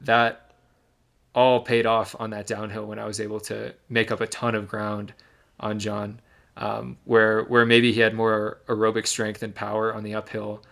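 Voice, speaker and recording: A man's voice: fairly low pitch, level tone, normal speed, gravelly, fairly bright tone. A young man from Michigan, a podcast co-host, giving a detailed, reflective recap of a race in casual storytelling.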